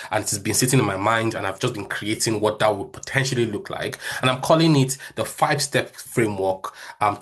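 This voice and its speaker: At a church session, a man with a lowish voice and a Nigerian accent gives a motivational talk. His first language is Yoruba, he has a slight stutter, and he sometimes rushes his words.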